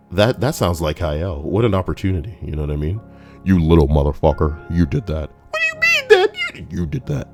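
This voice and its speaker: Deep-voiced crude comedic man. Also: darkish tone. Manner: crude, profane, jokey asides. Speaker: YouTube narrator reading forum posts. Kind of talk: comedic reading with riffing commentary.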